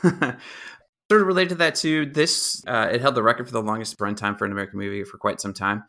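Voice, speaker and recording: A young man co-hosting a podcast, explaining film history in a relaxed, informative way with a dry sense of humor. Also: lowish voice, a little fast. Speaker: podcast co-host. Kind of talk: casual movie review chat.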